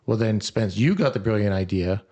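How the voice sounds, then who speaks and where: Lowish-voiced man telling a story. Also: a little fast. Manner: animated storyteller acting out quotes. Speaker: podcast co-host. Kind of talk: casual storytelling chat.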